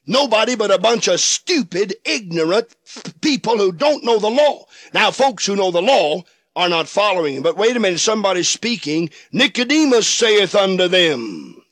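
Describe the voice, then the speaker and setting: High-voiced emphatic male preacher. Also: a bit bright, no echo. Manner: old-fashioned preacher cadence, drawn-out emphatic phrases, acts out quoted voices. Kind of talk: sermon.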